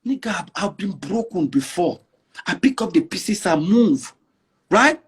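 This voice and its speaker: A middle-aged Nigerian man, interviewed as a guest, chats casually in a Nigerian accent, boasting emphatically and mixing in pidgin. His husky voice is high-pitched and sing-song, and he speaks a little slowly.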